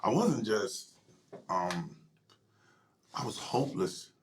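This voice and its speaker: Middle-aged man, deep low voice, gravelly fry, emotional halting testimony, soft near-whispers. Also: sing-song, a little hiss or hum. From United States. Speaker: pastor. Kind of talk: personal testimony in interview.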